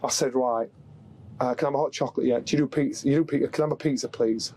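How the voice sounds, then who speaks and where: Talking very fast in a medium-pitched voice, this former world boxing champion from England, middle-aged, animatedly tells stories as a podcast guest and mimics the voices of the people he quotes. Slight background noise is audible.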